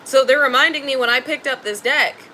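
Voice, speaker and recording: Woman tarot reader, bright high voice, blunt and slangy, faint noise behind. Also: fairly quick, low-quality recording. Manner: emphatic, blunt and slangy, swears freely. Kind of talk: spiritual tarot reading.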